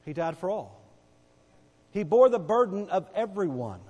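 A man preaching a sermon, emphatic and repetitive, rising to loud cries and dropping to quiet asides. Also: high voice, big pitch swings, a little slow, breathy edge, in a large hall, dull audio.

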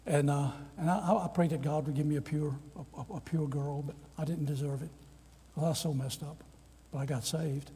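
Older preacher in a big hall. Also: male voice, a little high, moderate pace, breathy edge. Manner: animated storyteller, acts out quoted voices. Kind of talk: storytelling sermon. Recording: long reverb of a large hall.

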